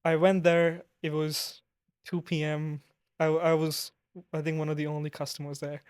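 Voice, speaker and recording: A young man with a fairly high voice that stays very level, as if the pitch barely moves. He hosts a podcast and talks in a soft-spoken, thoughtful way. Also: monotone, moderate pace, clear, resonant tone. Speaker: podcast host. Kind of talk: conversational podcast interview.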